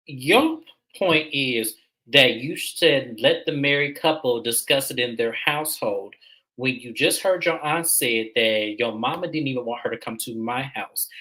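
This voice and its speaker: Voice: medium pitch, pushed and bright, poor audio. A host recapping a reality show episode in casual, opinionated commentary, repeating points for emphasis.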